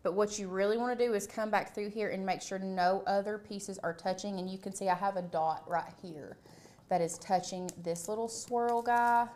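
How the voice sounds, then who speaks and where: A woman's voice: medium pitch, fairly even intonation, moderate pace, a little mellow. A young adult woman hosting a live craft tutorial, chatting casually as she works through each step with her hands. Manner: chatty, talks while working with hands.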